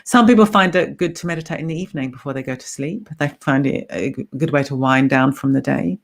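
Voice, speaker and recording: Gravelly-voiced woman with anglicized New Zealand accent. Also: extremely low pitch, quick pace. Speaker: guest, meditation teacher. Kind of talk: casual interview chat.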